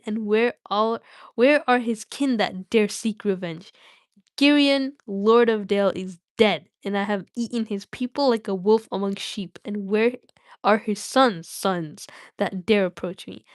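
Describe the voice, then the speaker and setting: Storybook dragon, old male, gloating and menacing, a woman reader doing the voice, mid pitch. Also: dry recording, studio quality, lightly acted. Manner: grand, boastful declaiming. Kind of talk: reading a novel aloud on a livestream.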